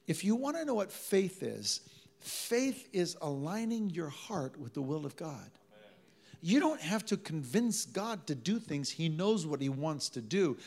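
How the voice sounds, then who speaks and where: A man preaching a sermon, telling a story with acted-out quotes, dropping to hushed tones and building to loud emphatic preaching. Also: a little high, vocal fry. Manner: drops in Malay travel words.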